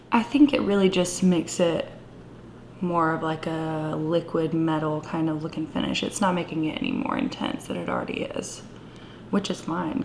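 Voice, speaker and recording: A woman talking through her makeup in a casual, gushing vlog, with a playful put-on Southern twang and soft whispered asides. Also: sits low, vocal fry, a little hiss or hum. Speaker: beauty vlogger. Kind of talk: casual makeup tutorial chat.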